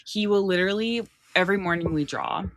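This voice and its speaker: A woman's voice: mid-range voice, quick pace, slight background noise. A woman in her thirties co-hosting a podcast, chatting casually and animatedly, full of slang. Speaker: podcast co-host. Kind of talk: casual chat.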